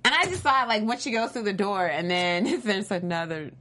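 A young woman co-hosting a casual TV recap, bubbly and quick to laugh. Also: mid-range voice, expressive, bright, forceful tone. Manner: bubbly, says "right" a lot. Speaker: co-host. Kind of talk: casual chat recapping a TV episode.

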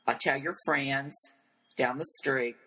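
An older man as an interview guest, telling animated stories and acting out the voices of the people in them. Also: medium pitch, takes it slowly, husky, rough recording. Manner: flamboyant storyteller who acts out quoted voices.

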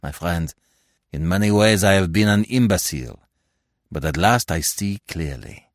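A man's voice: sits low, expressive, normal speed, no echo, studio quality. A man voicing Hercule Poirot, fussy and lecturing. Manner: precise, lecturing, impatient with sentiment. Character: fussy, self-assured older male Belgian detective. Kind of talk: audiobook character reading.

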